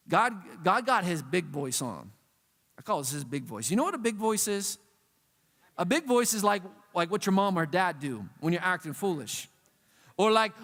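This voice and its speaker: A youth pastor preaches in a casual, slangy, animated way. His voice sits high for a man and carries long hall reverb. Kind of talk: sermon.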